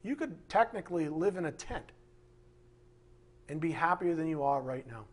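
Husky, higher-pitched middle-aged male preacher; emphatic and rhetorical, swinging loud to soft. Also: animated, normal speed. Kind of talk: sermon.

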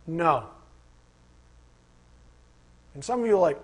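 A higher-pitched man with a husky, slightly breathy voice preaches to his congregation. He tells animated stories, acts out little asides and fires rhetorical questions between Scripture readings. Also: measured pace. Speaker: pastor. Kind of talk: sermon.

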